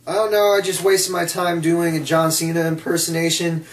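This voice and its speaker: A man's voice: a little high, little pitch movement, moderate pace, few pauses, far from the mic. A man in a blunt, sarcastic casual rant as a wrestling vlogger. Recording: echoey room, off mic.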